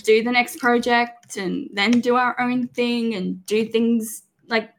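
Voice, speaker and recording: A woman with a somewhat high voice talks very slowly in a relaxed group conversation. Her manner is reflective and unhurried. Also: a little hiss or hum. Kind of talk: casual group chat.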